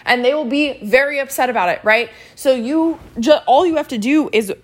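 A woman's voice: high voice, normal speed. A woman hosting a motivational podcast, talking energetically and often tagging her points with "right?". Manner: energetic, repeats phrases, says y'all and right. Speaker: podcast host and team leader. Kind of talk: motivational solo podcast talk.

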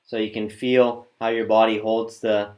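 A man's voice: fairly low pitch, little pitch movement, normal speed, darkish tone. Patient man teaching pronunciation. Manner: patient, hesitant, demonstrates sounds aloud. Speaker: Sanskrit recitation teacher. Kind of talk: step-by-step pronunciation lesson.

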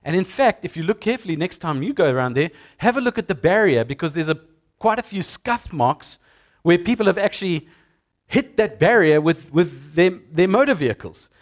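A middle-aged man, preaching a sermon as a pastor in an animated storytelling way. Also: high-pitched, brisk. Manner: storytelling, animated with acted-out sounds.

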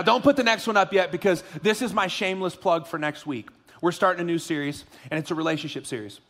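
A middle-aged man preaching a sermon in a church, joking and animated at first, then earnest. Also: a little high. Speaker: pastor. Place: church auditorium.

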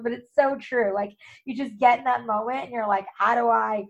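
Pregnant woman host, slightly high, muffled. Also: steady tone, normal speed. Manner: rambling, laughing often, many likes. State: heavily pregnant. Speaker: podcast host. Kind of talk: casual interview chat. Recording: dull muffled audio.

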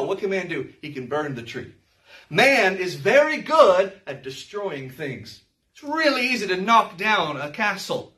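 A man teaching through a Bible chapter to a congregation, reading verses and asking rhetorical questions, sometimes rising to a shout. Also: high voice, distant mic. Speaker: pastor.

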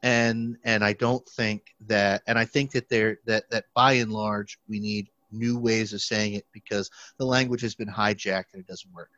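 A man's voice: fairly low pitch, moderate pace, few pauses, no room sound. A young man, a theology student, chatting casually and rambling with many restarts and fillers. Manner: rambling, lots of restarts and fillers, animated when quoting people. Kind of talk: casual podcast chat. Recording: dry, slightly dull recording.

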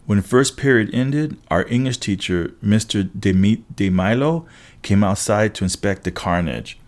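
A man reading a first-person story aloud as an audiobook narrator, steady with wry asides. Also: on the low side, measured pace.

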